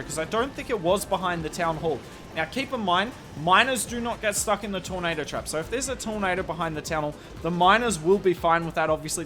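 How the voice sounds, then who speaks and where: This strategy video commentator is a young man with an Australian accent and a high, pushed, bright voice. Talking through a game replay, he stays casual and frank and pokes fun at himself along the way.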